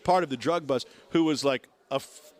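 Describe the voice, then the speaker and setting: A man's voice: mid-range voice, moderate pace. A man in his forties from Missouri, telling a long story on talk radio and acting out the people in it. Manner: acts out the people in his story with lively voices. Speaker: guest storyteller. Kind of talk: animated anecdote on talk radio.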